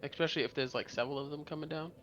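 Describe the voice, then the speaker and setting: Bright, forceful man, jokey storyteller, distant and muffled remote mic. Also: fairly high pitch, fairly even intonation, rapid-fire. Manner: jokey storyteller who acts out voices. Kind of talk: casual chat while gaming.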